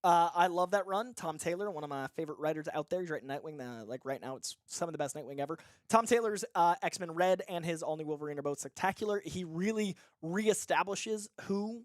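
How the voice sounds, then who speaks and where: A man co-hosting a casual movie podcast, his voice sitting a bit high for a man and his words tumbling out at a fast clip. He sounds eager and laughs easily. The sound is close and dry, with no room around it. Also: no room sound. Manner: enthusiastic, quick, laughs often. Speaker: co-host.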